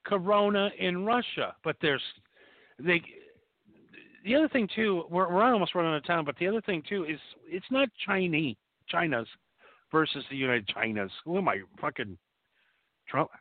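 A man's voice: high-pitched, lively intonation, moderate pace, dry recording. A man in casual chat, trading conspiracy theories in a joking, rambling way. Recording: tinny phone line.

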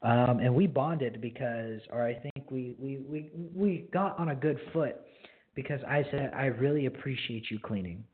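A man's voice: mid-range voice, a little slow, slightly rough. A man in his twenties hosting a ministry radio show, sharing a friendly, straightforward and rambling spoken testimony. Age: 20s. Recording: phone-like lo-fi line.

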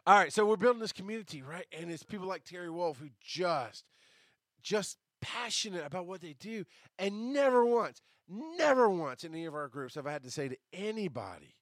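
Animated, profane man hosting a podcast. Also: high-pitched, moderate pace, no echo, studio quality. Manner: swears freely, rambling and animated; answers live chat comments mid-talk. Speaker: podcast host. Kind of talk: casual spoken monologue.

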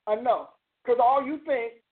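A woman host preaches loosely and conversationally, her voice on the high side and her pace measured. She's emphatic, repeating phrases to drive points home, and the sound is tinny, like a phone line.

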